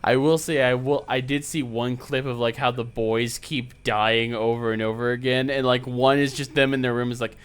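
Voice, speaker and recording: A hoarse man chatting casually as he streams a game, playful and joking. His voice sits at a middle pitch. Faint music runs underneath. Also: level tone, moderate pace, hardly any pauses. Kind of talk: casual chat while playing.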